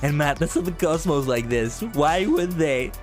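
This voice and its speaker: A man streaming a game, chatting casually, playful and punning and laughing often. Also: on the high side. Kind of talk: casual gaming commentary.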